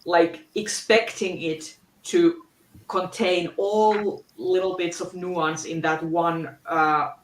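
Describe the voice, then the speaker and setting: A woman on a video call in a casual book club discussion, speaking haltingly with many restarts. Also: lowish voice, steady tone, slight background noise. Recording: roomy echo.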